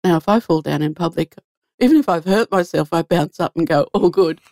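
Gravelly woman telling an earnest story. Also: on the low side, lively intonation, brisk, darkish tone, no room sound, clean studio sound. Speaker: guest sharing a faith story. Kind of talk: conversational storytelling.

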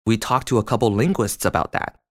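A man's voice: lowish voice, fairly quick, no room sound. A man co-hosting a podcast, narrating and asking questions with nerdy enthusiasm. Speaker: podcast co-host.

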